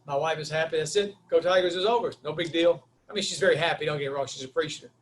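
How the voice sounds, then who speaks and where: A man's voice: fairly high pitch, rapid-fire, a little hiss or hum. A man giving a webinar talk, telling stories animatedly and acting out the dialogue. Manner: lively, acts out quoted dialogue, Southern "y'all". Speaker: webinar speaker.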